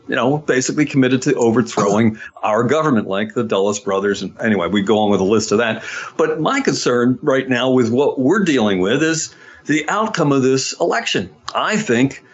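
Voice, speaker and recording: A man's voice: mid-range voice, lo-fi sound. A man, a pastor hosting a political panel discussion, talking earnestly with frequent hesitations and fillers. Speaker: pastor and host.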